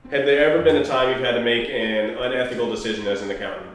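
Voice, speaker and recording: A man asking job interview questions in an even, polite way. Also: medium pitch, quick pace. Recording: very echoey room.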